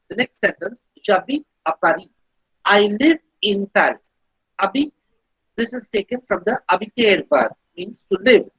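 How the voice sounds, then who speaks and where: A woman teaching a beginner French lesson, explaining slowly and patiently and repeating each phrase. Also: mid-range voice, fairly bright tone, breathy edge, dry recording. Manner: slow, patient explaining with repetition. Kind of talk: recorded language lesson. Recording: dull lo-fi recording.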